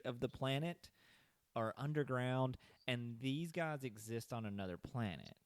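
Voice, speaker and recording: A man's voice: medium pitch, no room sound. A young man hosting a podcast in casual movie-review chat, retelling the plot at length with loose asides and casual swearing. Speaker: podcast host.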